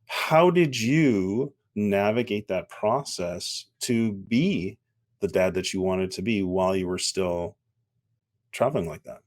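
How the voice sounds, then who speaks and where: Thoughtful low-voiced podcast host. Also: male voice, lively intonation, slow pace. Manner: thoughtful, searching for words as he frames questions. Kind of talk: interview questions.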